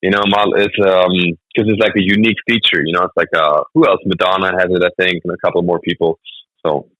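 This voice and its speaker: Comedian guest, male, 30s; quick, punchy, animated storyteller. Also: low voice, dry recording, low-quality recording. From Germany. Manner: animated storytelling, laughs often. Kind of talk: casual interview chat.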